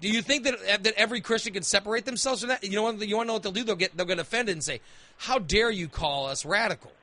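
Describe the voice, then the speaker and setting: A man's voice: high voice, very fast, bright, forceful tone. A man hosting a talk radio show, arguing his point emphatically and repeating phrases as he builds his case. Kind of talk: opinionated talk radio debate.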